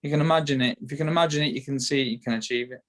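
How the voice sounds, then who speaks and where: A man's voice: mid-range voice, very fast, fairly bright tone. A man with a Yorkshire accent in a casual interview, talking in a rambling way that repeats words and restarts often. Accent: Yorkshire English. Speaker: guest, bare-knuckle boxer.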